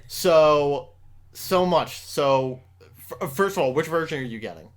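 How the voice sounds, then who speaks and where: This young podcast host talks at a measured pace in a high-leaning, animated voice. His casual chat wanders, profanity comes often, and he frequently starts sentences over.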